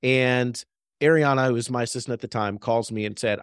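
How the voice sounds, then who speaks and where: A man's voice: mid-range voice, steady tone, a little fast, smooth, no room sound, clean studio sound. A man in his thirties, a real estate agent co-hosting a faith-based business podcast, telling a story earnestly and often tagging his sentences with "right?".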